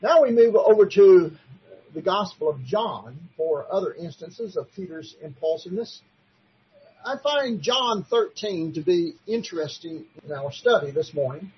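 A man's voice: high-pitched, expressive, a little slow, lo-fi sound, a little hiss or hum. A man preaching in a sermon-style Bible study, emphatic and fond of rhetorical questions. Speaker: preacher teaching a Bible class.

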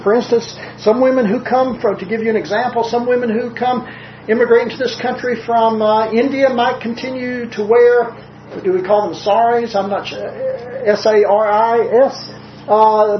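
A preacher with a Southern US accent giving a sermon in a measured, conversational way, slowing down to stress quoted scripture. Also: medium pitch, a little hiss or hum. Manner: conversational asides with frequent "uh" fillers. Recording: roomy, dull lo-fi recording.

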